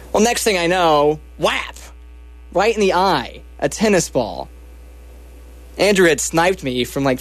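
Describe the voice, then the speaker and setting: A young man casually telling a funny personal anecdote, animated and self-mocking, slipping into the voices of the people in it. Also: on the high side, dry recording. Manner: animated, self-mocking, acts out quoted lines.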